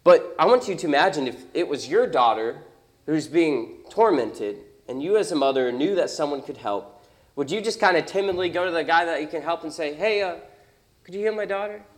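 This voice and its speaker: A man's voice: a little high, expressive, fairly quick. A young adult man preaching a sermon as pastor, conversational and emphatic, with many rhetorical questions.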